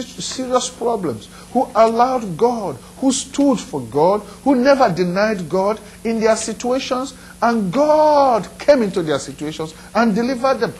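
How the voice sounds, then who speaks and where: A man's voice: very high voice, a little mellow, slight background noise, rough recording. A man pastor preaching a sermon in an earnest, repetitive style, putting direct questions to his listeners.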